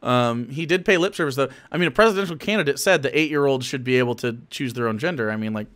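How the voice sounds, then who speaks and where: A man streaming live, commenting on political clips in profane, animated rants that keep cutting in. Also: mid-range voice, quick pace.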